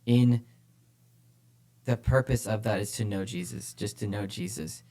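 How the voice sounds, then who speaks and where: A man's voice: on the low side, fairly even intonation, unhurried, warm tone. A man co-hosting a church podcast, talking casually and with energy about faith, often repeating phrases for emphasis. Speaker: podcast co-host, church leader.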